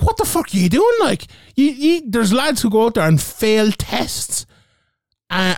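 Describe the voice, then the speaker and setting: High-voiced man ranting. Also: no room sound, clean studio sound. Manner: animated, ranting, swears freely. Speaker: podcast co-host. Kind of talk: casual podcast chat.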